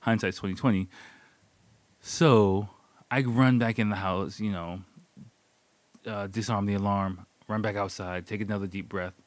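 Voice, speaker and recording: A man's voice: fairly low pitch, steady tone, unhurried, long pauses, dry recording. A man casually telling a personal story, loose and profane, often laughing as he talks. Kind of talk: casual spoken anecdote.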